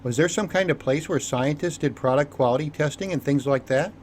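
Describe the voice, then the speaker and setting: A man's voice: a little high, a little fast, darkish tone, a little hiss or hum, close to an everyday voice. A man voicing a blunt, self-assured female scavenger. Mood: probing. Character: sharp-instinct female scavenger.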